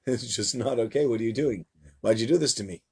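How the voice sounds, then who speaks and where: A man's voice: mid-range voice, quick pace, slightly rough. A man doing a frustrated prophet complaining. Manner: pleading, complaining.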